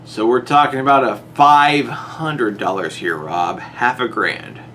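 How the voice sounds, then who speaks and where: A man's voice: medium pitch, measured pace, pushed and bright, slight background noise. A man delivering an exasperated monologue to a rival YouTuber, his voice jumping up on rhetorical questions. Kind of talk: monologue to camera.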